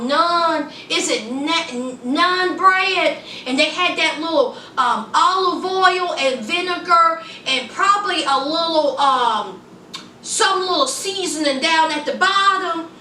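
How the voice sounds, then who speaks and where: A middle-aged woman gives a sassy, chatty TV recap and keeps calling her viewers honey. Her voice is very high and bright, and her pace is unhurried. She sounds a little away from the mic in an echoey room with faint background sound. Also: distant mic, slight background noise. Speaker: reality TV reviewer. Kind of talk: casual recap vlog.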